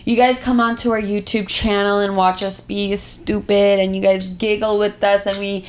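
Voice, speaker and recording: A woman's voice: medium pitch, flat delivery, moderate pace. A young woman of twenty-one co-hosts a podcast in upbeat, teasing casual chat. She drops slang easily, and a faint hiss sits under her voice. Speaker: podcast co-host, middle sister. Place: podcast studio.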